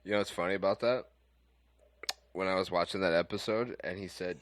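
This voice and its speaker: A man co-hosting a casual podcast, answering with deadpan quips. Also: sits low, a little fast, no room sound. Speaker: podcast co-host.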